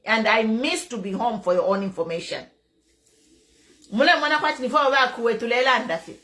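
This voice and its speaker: A woman's voice: on the high side, lively intonation, fairly quick, pushed and bright. A middle-aged Zambian woman giving impassioned political commentary, emphatic and repeating her key points. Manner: emphatic, repeats key phrases, mixes in local language. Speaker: online commentator.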